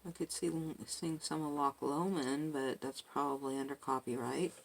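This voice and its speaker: A woman quietly talking herself through a craft project, muttering and joking at herself as she works. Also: a bass voice, fairly even intonation, moderate pace, vocal fry, a little hiss or hum. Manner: soft-spoken, muttering to herself, self-deprecating. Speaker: crafting video host. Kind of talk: casual narration while crafting.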